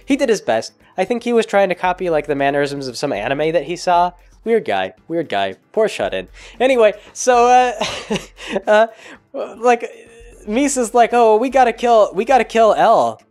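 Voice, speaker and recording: Rambling man with a high voice. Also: lively intonation, normal speed, soft background music. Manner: rambling, filler-heavy, sarcastic. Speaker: video blogger. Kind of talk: comic movie recap.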